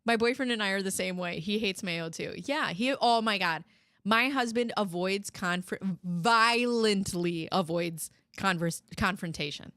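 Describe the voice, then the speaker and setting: A woman chatting casually as a show host, telling lively stories. She jumps into high, loud impressions of other people and swears without a second thought. The sound is dry and close, with no room echo. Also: unhurried. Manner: animated storytelling, mimics people in raised voices, swears freely. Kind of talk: casual chat.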